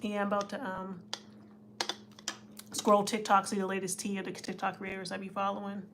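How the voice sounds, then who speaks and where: A woman's voice: medium pitch, monotone, normal speed, background noise. A woman hosting a casual live stream, chatting with her viewers and reading their comments, often laughing. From United States. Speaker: livestream host.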